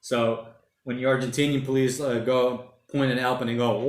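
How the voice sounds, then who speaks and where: A man hosts a relaxed livestream from his home and chats through viewer comments in a loose, rambling way, tossing in mate and bloody now and then. His voice sits at an ordinary middle pitch. The room around him is echoey. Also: normal speed. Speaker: livestream host. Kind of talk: casual livestream chat reading comments. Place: home during lockdown.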